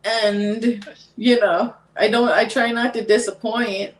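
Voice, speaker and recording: Fiery woman guest, repeats herself for emphasis, slightly high, far from the mic in an echoey room. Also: steady tone, slow. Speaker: podcast guest. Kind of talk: casual podcast chat.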